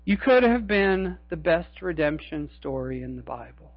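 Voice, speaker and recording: High-pitched pastor preaching slow and dramatic, loud then hushed, dull dry sound. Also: male voice, very animated, no room sound. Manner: dramatic, swings between loud cries and hushed asides. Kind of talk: sermon. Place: church.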